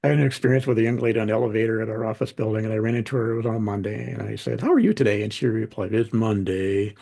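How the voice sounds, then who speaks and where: Gravelly, husky middle-aged man, guest on a podcast; storyteller who acts out the dialogue. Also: lowish voice, very fast. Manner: animated anecdotes, acts out quoted dialogue. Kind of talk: conversational storytelling.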